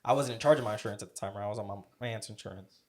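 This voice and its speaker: A man's voice: fairly low pitch, very fast, darkish tone. A young man co-hosting a podcast, telling a story in a casual, profane, rambling way. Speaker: podcast co-host.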